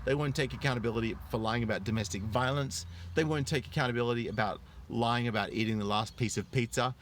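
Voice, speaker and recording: An Australian man in his thirties talks on a live stream at an average pitch. He tells stories animatedly, and his voice climbs high when he gets worked up. He swears freely and stops to greet viewers in his chat. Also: quick pace, a little hiss or hum. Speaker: online show host.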